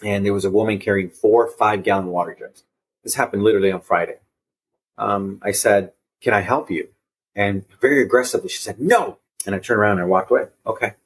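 A man's voice: fairly low pitch, fairly even intonation, fast talker, breathy edge. A man guest on a podcast, telling personal stories in an earnest, reflective way, often repeating and restarting his phrases. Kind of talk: reflective conversational storytelling.

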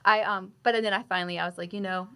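A woman nurse, a guest on an interview podcast, gently and affectionately recounting a personal story. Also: medium pitch, steady tone, fast, clear, resonant tone.

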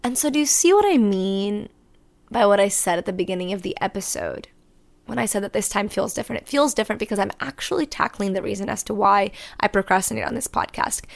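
A woman with a mid-pitched voice talks alone into her podcast mic, unscripted and confessional. She rambles, stops to correct herself, and swears casually as she thinks aloud. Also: expressive, fast, creaky. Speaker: podcast host. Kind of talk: unscripted solo podcast monologue.

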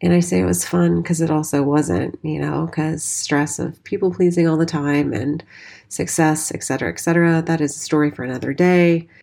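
A woman's voice: deep voice, steady tone, moderate pace, gravelly, dark tone. A woman in her forties, a dance teacher and studio owner, candidly telling her life story and swearing freely. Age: 40s. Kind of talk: personal storytelling monologue.

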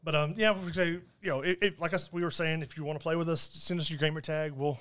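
A man's voice: fairly high pitch, fairly even intonation, fast, a bit bright. A man co-hosting a gaming podcast in casual chat, rambling with restarts and laughing often. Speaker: podcast co-host.

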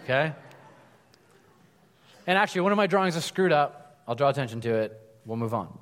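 A man preaching a sermon, telling a parable in a conversational, animated way with frequent asides. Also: medium pitch, brisk. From United States. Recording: long hall reverb.

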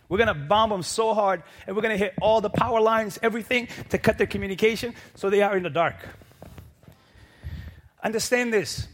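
A man preaching a sermon to a congregation, building from quiet, low lines to loud, shouted peaks with rhythmic repetition. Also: slight background noise. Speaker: pastor. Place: church.

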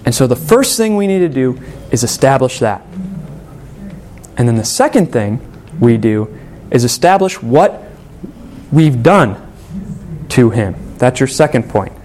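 A man preaching a sermon, earnest and emphatic, with dramatic pauses on key words. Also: mid-range voice, sing-song, darkish tone, a little hiss or hum.

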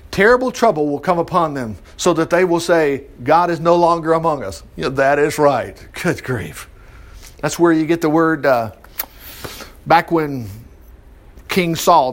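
Preacher, male, high voice, reads scripture with animated commentary. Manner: reads scripture aloud, breaks in with animated asides and laughs. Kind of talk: Bible teaching with commentary.

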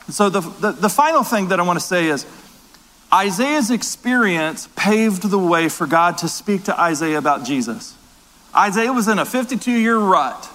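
Emphatic high-voiced male pastor, echoing hall. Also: a bit bright. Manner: emphatic, repetitive preaching with restarts. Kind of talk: sermon. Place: large church hall.

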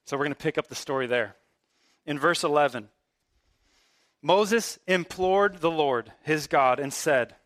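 Male pastor, high voice, dry close sound, relaxed but emphatic preaching. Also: unhurried, dry recording. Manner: conversational, emphatic preaching with casual asides. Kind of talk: sermon.

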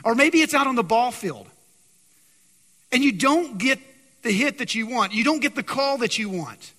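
A man preaching to his congregation with a high, bright, forceful voice, constantly quizzing the listeners. His sermon rings through a church sanctuary with a long reverb tail. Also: moderate pace. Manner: animated, keeps quizzing the congregation. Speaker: pastor.

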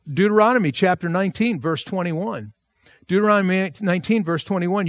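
Man preaching, high voice, emphatic, repeats for stress, dry close sound. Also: brisk, no echo. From United States. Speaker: pastor. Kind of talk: verse-by-verse sermon.

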